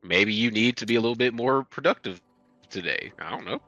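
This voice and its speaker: A man's voice: medium pitch, brisk, pushed and bright. A man playing a tabletop game with friends over a voice call, teasing and joking, on dull, lo-fi call audio. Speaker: player.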